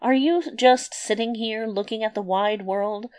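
A woman voicing a boastful, cheerful little male tailor in a storybook reading, loud and emphatic. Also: fairly high pitch, unhurried, clear, resonant tone, close to an everyday voice. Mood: cocky. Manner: bright, cocky, emphatic boasting.

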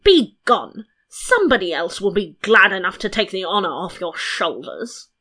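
A woman's voice: mid-range voice, very animated, normal speed, bright, forceful tone. A woman doing a blustering, hot-tempered old king. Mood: furious. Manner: roaring and indignant.

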